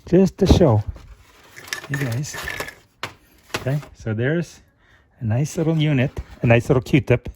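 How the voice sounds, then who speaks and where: A middle-aged man hosting a car repair channel, thinking aloud in an unhurried way while he works on a part at his bench. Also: medium pitch, mellow, a little hiss or hum. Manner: talks with a flashlight in his mouth at times. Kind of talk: hands-on repair demonstration.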